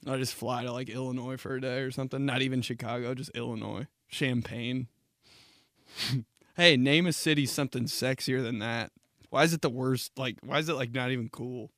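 A man's voice: medium pitch, fairly even intonation, normal speed, a bit bright, no room sound, clean studio sound. Crude, rambling comic male podcaster. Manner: crude, rambling, jokey storytelling. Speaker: podcast host. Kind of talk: casual comic monologue.

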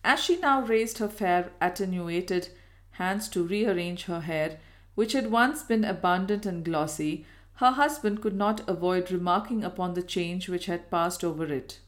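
A woman reading a Victorian novel aloud in a measured, even storytelling manner. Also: fairly low pitch. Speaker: audiobook reader. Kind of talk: scripted narration of a Victorian novel.

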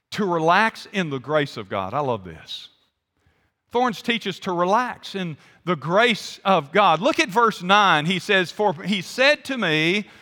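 A man's voice: sits high, pushed and bright. A man pastor preaching a conversational sermon, quizzing the congregation. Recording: long hall reverb.

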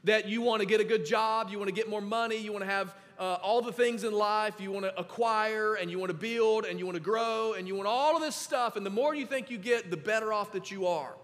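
A man's voice: high-pitched, fairly quick, few pauses, fairly bright tone. A man preaching a sermon as pastor, emphatic and instructive, in a church with echoey hall reverb. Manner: emphatic, instructing the congregation to underline verses.

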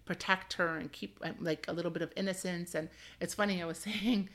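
A woman's voice: on the low side, fairly even intonation, fairly quick, fairly bright tone. A woman from Canada, probably in her thirties, hosting her own podcast in a candid, rambling way, laughing often and filling with "like". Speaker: podcast host. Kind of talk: casual solo podcast talk.

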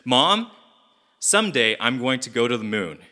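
A man voicing an eager young boy who keeps begging his mother to notice his work. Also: moderate pace. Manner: high, excited childlike voice.

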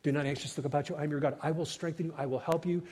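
A man preaching a sermon as pastor, rising to loud cries and falling to hushed whispers. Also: a little high, steady tone, rapid-fire, slight background noise. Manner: dynamic preaching, swells loud then drops to whispers. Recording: long hall reverb.

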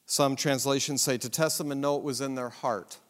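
A man's voice: medium pitch, steady tone, fairly quick, in a large hall. A man teaching a Bible survey lesson in a conversational, emphatic way, with rhetorical questions and asides.

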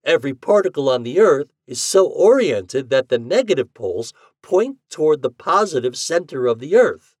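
A man reading an audiobook voices a cheerful, eccentric scientist who lectures with drawn-out emphatic stresses. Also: on the high side, very animated, no room sound, studio quality, voice pushed up. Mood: lecturing. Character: eccentric male scientist, cheerful self-declared mad genius.

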